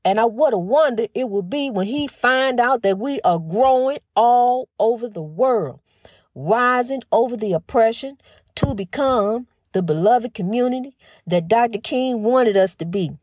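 A middle-aged woman with a fairly high voice hosts a spiritual talk show, rushing her words, stumbling and restarting with a slight stutter. She is folksy and emphatic and calls her listeners "honey". The sound is dry and close, with no room around it. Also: lively intonation, darkish tone, no echo. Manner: fast talker with a slight stutter, restarts often. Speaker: host of a faith-based talk program. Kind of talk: casual spiritual monologue.

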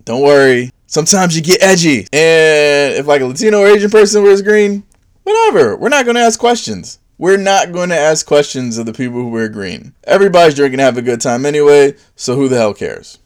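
Animated sarcastic man doing comedy. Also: brisk, hardly any pauses, clear, resonant tone. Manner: sarcastic, swings into high mocking put-on voices for bits. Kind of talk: stand-up style comedic monologue.

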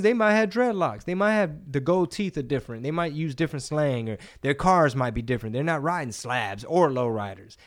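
A man, co-hosting a podcast in casual chat, profane and animated, full of slang. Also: medium pitch. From Texas. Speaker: podcast co-host.

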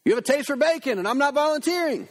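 A man's voice: very high-pitched, expressive, quick pace, voice pushed up. A man voicing a frightened young male pig brother in a spoken storybook retelling, indignant and pleading. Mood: fearful.

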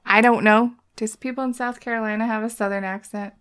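A woman's voice: a little high, steady tone, fairly quick, fairly bright tone, smooth. Crude, joking woman podcast co-host. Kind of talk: casual podcast chat.

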